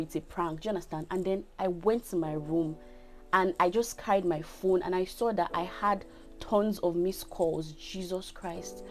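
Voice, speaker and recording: A chatty twenty-year-old woman with a Nigerian accent tells a casual story, often checking in with her viewers. Her voice sits a little low for a woman. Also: darkish tone. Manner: chatty, often asks "do you get?". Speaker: vlogger.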